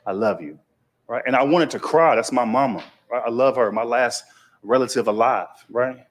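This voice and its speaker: A man's voice: mid-range voice, moderate pace. A man from Texas with a Texas accent, telling a stand-up comedy story and acting out the voices of other people.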